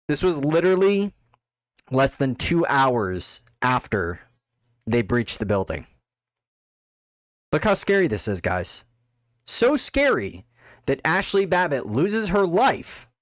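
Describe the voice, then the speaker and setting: A man's voice: on the high side, a bit bright, no echo. A man delivering an angry, contemptuous political rant, full of insults. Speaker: political commentator. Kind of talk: ranting monologue.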